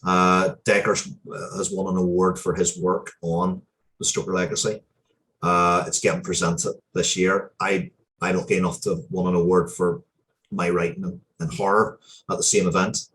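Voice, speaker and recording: Deep-voiced man, earnest and heartfelt. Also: little pitch movement, moderate pace, a bit bright, a little hiss or hum. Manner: earnest, heartfelt, with frequent hesitations and restarts. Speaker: interview guest, comic book writer. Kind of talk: casual interview storytelling.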